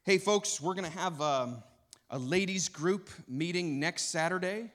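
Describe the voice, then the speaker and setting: A man's voice: sits high, a little slow, fairly bright tone, voice pushed up. A man voicing a chatty male church announcer who rambles and repeats details in a folksy way.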